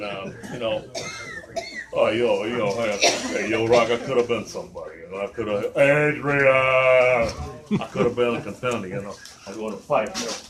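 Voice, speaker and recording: A man's voice: mid-range voice, voice pushed down, natural voice. A man doing an impression of a mumbling, streetwise tough-guy boxer at a live outdoor show. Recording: noisy crowd around.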